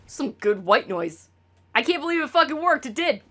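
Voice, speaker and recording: A woman's voice: fairly high pitch, very animated, fairly quick, fairly bright tone. Rambling, profane woman streamer. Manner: rambling, profane, stammering restarts. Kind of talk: casual stream chat.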